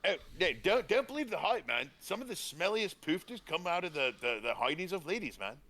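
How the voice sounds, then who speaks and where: A man's voice: high-pitched, very animated, fairly quick, sharp tone. A man co-hosting a role-played talk show in laid-back slang, ending lines with man or bro.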